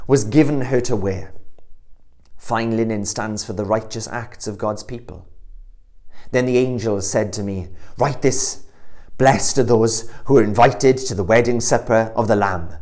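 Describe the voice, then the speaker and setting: A man preaching a sermon, earnest, swelling louder and slower on the key words. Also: lowish voice.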